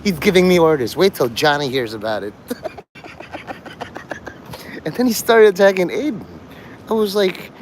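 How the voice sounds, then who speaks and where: A man's voice: fairly high pitch, big pitch swings, moderate pace, long pauses, slight background noise. A man rambling to his livestream chat, swearing, joking and laughing often.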